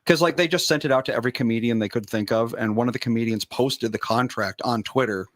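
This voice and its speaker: A man's voice: medium pitch, fast, dry recording. Male talk host, wry and conversational, dry booth sound. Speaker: radio show host. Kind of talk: casual chat.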